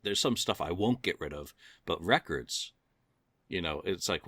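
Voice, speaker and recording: A man's voice: low voice, animated, moderate pace, a bit bright, no room sound. A man hosting a casual podcast chat, rambling and self-deprecating with lots of fillers. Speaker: podcast host.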